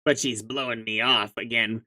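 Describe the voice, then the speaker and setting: A man's voice: medium pitch, steady tone, moderate pace, bright, forceful tone. A man reading aloud as a pushy, profane young sea troll with schemes of his own, speaking in a mocking tone. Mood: scornful.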